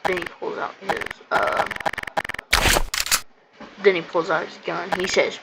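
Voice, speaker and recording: Fields: Sex: female. Style: rambling gameplay narration. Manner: excitable, repetitive. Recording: loud background noise. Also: lowish voice, measured pace, gravelly, long pauses. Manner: excitable, rambling, repeats "and then". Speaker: gamer reviewing a video game.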